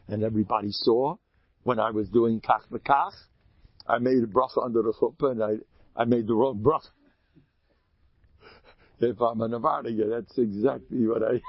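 A man speaking as a rabbi, telling stories in a lively Torah talk and acting out characters with sudden loud outbursts. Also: measured pace, pauses often, breathy edge, no echo, lo-fi sound. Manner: animated, acts out characters with sudden high shouts.

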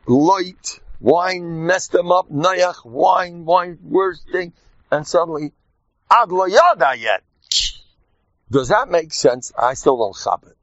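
A man giving an informal, joking Torah talk to his class, lively and animated. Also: on the high side, dry recording. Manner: animated, jokey, mixes Yiddish and Hebrew terms. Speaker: rabbi teaching a class. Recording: dull dry lo-fi sound.

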